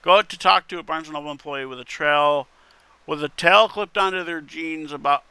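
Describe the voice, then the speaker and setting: A man's voice: on the high side, moderate pace, sharp tone, clean tone, dry recording. A man reading internet posts aloud in casual commentary, wry and muttering, with casual swearing. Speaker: content creator reading posts.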